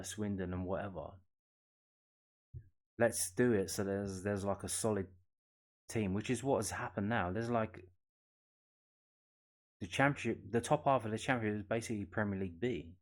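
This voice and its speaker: Man, lowish voice, casual football rant, blunt, sweary, lots of ums and restarts. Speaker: football news channel host. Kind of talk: casual ranting commentary.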